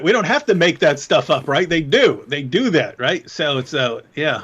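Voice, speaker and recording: A man co-hosting a casual livestream chat, talking in an animated, mocking way and laughing often. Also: fairly high pitch, moderate pace, slightly rough. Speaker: co-host. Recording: dull lo-fi stream audio.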